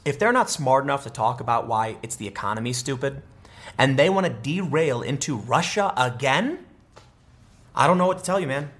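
Animated sarcastic male political commentator. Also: medium pitch. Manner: animated, sarcastic, talks fast with restarts.

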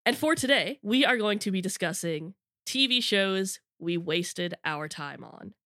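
A young woman hosting a podcast while fighting off a cold, her voice bright and sharp. She talks in a chatty, playful way and breaks into laughter often. The sound is dry and close, with no room to it. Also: medium pitch, animated, unhurried, no room sound. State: has a cold, losing her voice. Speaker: podcast co-host. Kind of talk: casual podcast chat.

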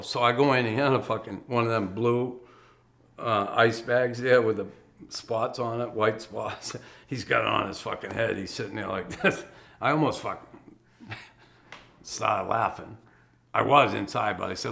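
Gravelly, blunt, profane male storyteller. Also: fairly low pitch, measured pace, a bit bright. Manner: blunt, profane, chuckles while telling stories. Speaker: former pro hockey player telling his life story. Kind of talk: casual storytelling monologue.

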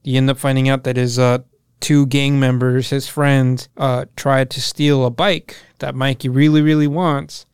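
Young man, podcast co-host, swears a lot, smooth clear voice, dry close sound. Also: mid-range voice, moderate pace, dry recording. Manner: profane, animated retelling with quoted voices. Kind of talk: casual chat recapping a show.

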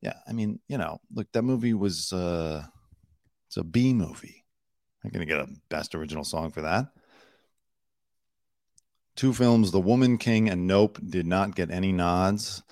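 Speaking a little slowly with long pauses, a man with a somewhat low, slightly mellow voice hosts an entertainment news rundown. His snarky, opinionated remarks come out loose and casual, full of fillers and restarts, in a close, dry recording.

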